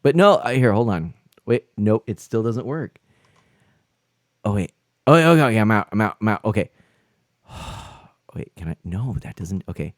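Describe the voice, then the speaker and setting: A man's voice: fairly low pitch, very animated, normal speed, pauses often, no echo, clean studio sound. A man live-streaming a game, chatting with viewers and exclaiming in flustered, laughing bursts.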